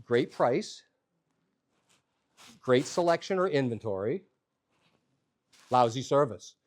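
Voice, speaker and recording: Male storyteller, comic and self-mocking, with a bouncy, highly expressive delivery. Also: slow pace. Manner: animated, humorous, self-deprecating. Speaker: storyteller leading a workshop. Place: workshop room with a live audience.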